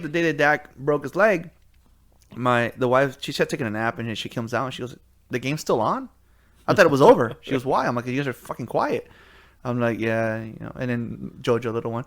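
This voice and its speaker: A man's voice: mid-range voice, a little fast, creaky. A middle-aged man co-hosting a podcast, telling sports stories in casual chat, laughing and acting out quotes. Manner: animated storyteller, laughs while telling stories, acts out quotes. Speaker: podcast co-host.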